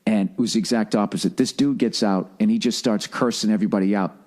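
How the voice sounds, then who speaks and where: A man's voice: lowish voice, fast, a little mellow. Profane, rambling man telling a story. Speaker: livestreamer. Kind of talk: casual storytelling.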